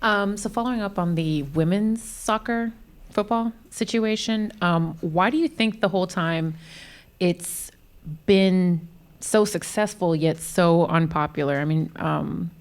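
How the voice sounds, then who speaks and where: Low-voiced woman asking a hesitant question. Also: measured pace. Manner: hesitant, many fillers. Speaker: audience member asking a question. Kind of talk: live Q&A question.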